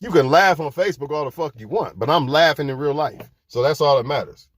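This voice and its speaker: A man's voice: a little high, fairly quick, no room sound. A man giving fiery life advice to his viewers in a profane, preachy rant.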